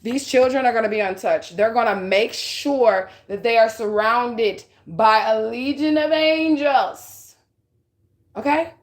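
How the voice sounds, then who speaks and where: A woman's voice: fairly high pitch, unhurried, hardly any pauses. A woman giving a casual spiritual reading, talking bluntly with lots of swearing and a repeated "okay?" to her listeners. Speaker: psychic reader.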